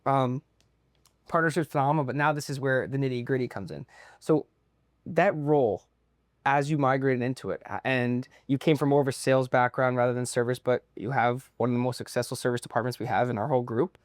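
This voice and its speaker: A man hosting a casual podcast interview, asking quick, upbeat questions. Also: mid-range voice, fairly even intonation, no echo, clean studio sound. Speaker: podcast host.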